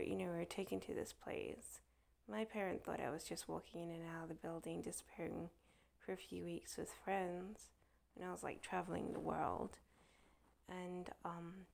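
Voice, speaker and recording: A woman with a deeply creaky, gravelly voice tells a meandering personal story. She talks haltingly with many fillers and restarts, often sinking into a soft whisper.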